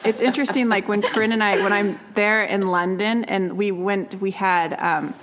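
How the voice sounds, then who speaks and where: A woman hosting an interview, relaxed and encouraging, telling stories in a lively way. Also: mid-range voice, normal speed. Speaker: interview host. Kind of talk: casual interview chat.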